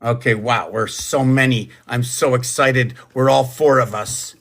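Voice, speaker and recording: A man's voice: mid-range voice, fairly even intonation, a little slow, a bit bright. Man rambling through a home livestream. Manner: rambling, musing aloud on words and numbers. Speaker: livestream host. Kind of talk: casual livestream chat.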